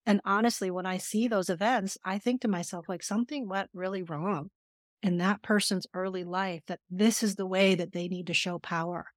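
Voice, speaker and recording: A woman's voice: mid-range voice, steady tone, normal speed, dry recording, studio quality. A middle-aged woman therapist speaking earnestly and emphatically as a podcast guest, telling stories and explaining. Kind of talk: conversational podcast interview.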